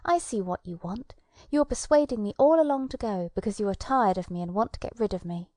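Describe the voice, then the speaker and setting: A woman's voice: medium pitch, expressive, a little fast, darkish tone, no room sound, clean studio sound, lightly acted. Woman doing a whining young boy water-baby. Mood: sulky. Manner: whining, doleful.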